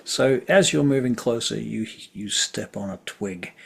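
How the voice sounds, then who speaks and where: A man running a tabletop game as game master, calm and patient, with a husky, gravelly voice. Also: lowish voice, measured pace.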